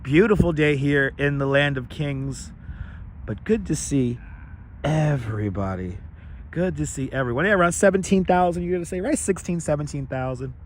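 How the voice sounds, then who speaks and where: A hoarse-voiced man hosting a live walking stream outdoors, rattling off viewer names and welcomes on a clip-on mic. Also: a little high, a little fast, a little hiss or hum. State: scratchy, hoarse voice. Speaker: livestream host. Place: outdoors on city streets. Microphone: wireless clip-on mic.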